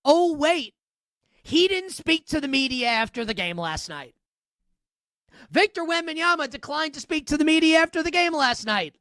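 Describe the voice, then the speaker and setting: A woman's voice: sits high, lively intonation, moderate pace, fairly bright tone, no room sound, clean studio sound. Sarcastic, emphatic woman sports radio host. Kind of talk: sports talk radio commentary. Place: radio studio.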